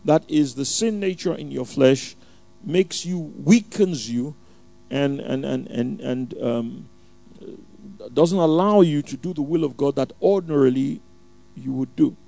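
A male preacher with a gravelly, fry-laced voice and a mellow, dark tone, sitting a touch high for a man. He prays in a measured, fervent way, then shifts into a teaching sermon full of restarts and fillers. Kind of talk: sermon with opening prayer. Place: church.

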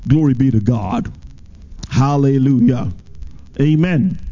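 In a muffled recording, a man gives a sermon as pastor, his animated preaching rising to high, emphatic lines and sinking into low, drawn-out ones.

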